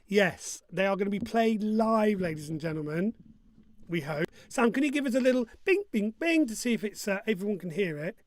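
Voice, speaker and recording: Jokey high-voiced quiz host. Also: male voice, lively intonation, a little fast, slight background noise. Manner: jokey and upbeat, hums his own jingles. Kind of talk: online pub quiz hosting.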